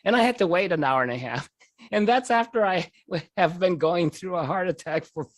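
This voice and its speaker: A man telling a personal story in an animated way, often breaking into laughter. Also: sits high, normal speed, dry recording. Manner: lively, animated delivery.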